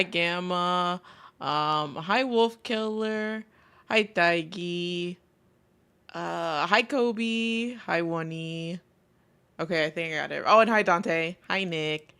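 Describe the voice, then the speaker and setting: A woman's voice: lowish voice, gravelly, pushed and bright, clear, resonant tone. A woman VTuber host chatting casually with her live chat, talking through a sore throat as she comes down sick, swearing freely as she greets viewers. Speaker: VTuber streamer.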